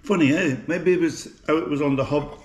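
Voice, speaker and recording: A fairly quick, higher-pitched male voice from Birmingham, England, belongs to a home cook vlogger chatting to his viewers as he cooks in his kitchen at home. He's chatty and self-mocking in this casual cooking vlog, and the recording carries the echo of the kitchen and some faint clatter.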